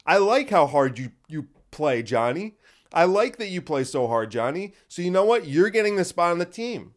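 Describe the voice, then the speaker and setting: A man putting on a youth basketball coach, speaking in a higher, emphatic, encouraging way. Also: very animated, normal speed.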